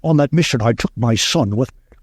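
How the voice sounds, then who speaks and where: A man playing a grave older sea captain, reciting in a measured, solemn way. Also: medium pitch, slightly rough, no echo, studio quality, close to an everyday voice.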